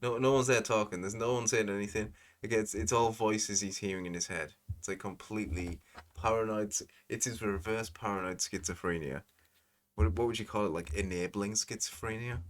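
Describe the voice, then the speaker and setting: Casting: deep-voiced guy, rambling sardonic commentator. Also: steady tone, fairly quick. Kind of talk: casual commentary.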